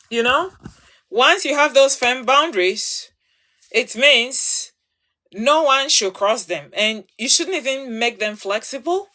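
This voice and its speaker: A woman's voice: fairly high pitch, sharp tone. A woman hosting a livestream, giving emphatic advice to her followers and repeating words for stress. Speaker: livestream host.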